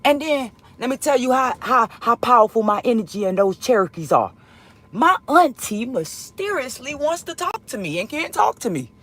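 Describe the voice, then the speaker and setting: Husky, animated woman telling a story. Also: fairly high pitch, normal speed. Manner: emotional, profane, rambling, swinging between loud and hushed. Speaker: storyteller vlogger. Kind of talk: casual storytime monologue.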